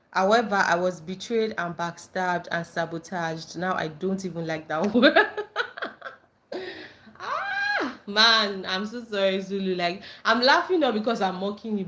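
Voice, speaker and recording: A woman's voice: medium pitch, fairly bright tone. A woman hosting a casual livestream, reading viewer comments aloud and reacting with frequent laughter and squealed greetings. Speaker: livestream host.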